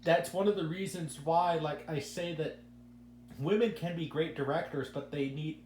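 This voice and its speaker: A man hosting a casual podcast, giving rambling opinions and stumbling over repeated words. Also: fairly high pitch. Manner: rambling, repeats words when starting sentences. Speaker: podcast host. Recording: echoey room with faint hum.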